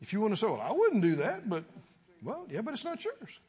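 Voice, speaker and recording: A man's voice: high voice, huge pitch swings, brisk, darkish tone, slightly rough. A man preaching a sermon to a congregation, calling for responses and rising to emphatic peaks. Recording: lo-fi church recording with long reverb.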